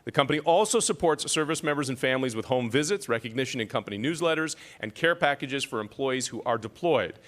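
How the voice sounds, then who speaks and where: A man's voice: medium pitch, animated, fast, few pauses, a bit bright. A man emceeing an awards ceremony, reading citations with self-deprecating joking asides.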